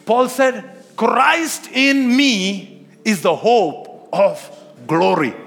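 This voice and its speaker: A male preacher with a fairly high voice delivers a sermon, throwing out rhetorical questions and asking listeners if they follow. His words ring out with a long, hall-like reverb. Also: a bit bright.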